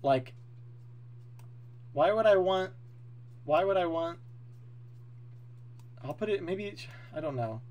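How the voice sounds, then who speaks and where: A man streaming live, chatting casually with his viewers, excitable and opinionated, swearing freely as he talks. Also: high voice, slow pace, long pauses.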